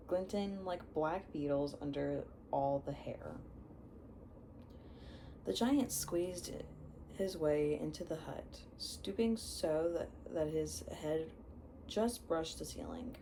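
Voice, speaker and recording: A young woman reads a book aloud at an unhurried pace, stumbling over words and correcting herself. Her voice is low, mellow and soft-toned. A faint background noise runs behind her. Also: poor audio. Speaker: reader. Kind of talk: storybook read-aloud.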